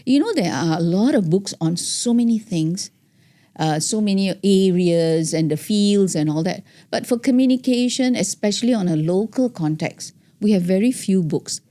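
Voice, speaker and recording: A woman's voice: medium pitch, lively intonation, normal speed, mellow. A middle-aged woman, a guest on an interview show, chatting casually and animatedly, acting out examples and laughing often. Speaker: guest, founder of a speaking academy.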